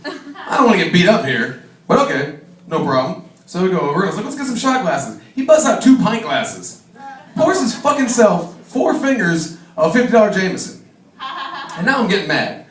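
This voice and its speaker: A man's voice: high-pitched, sing-song, moderate pace, a bit bright. A man performing a stand-up set, telling a profane party story and acting out the other people in it. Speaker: stand-up comedian. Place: comedy club stage. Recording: echoey room, mic from far off. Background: audience laughter.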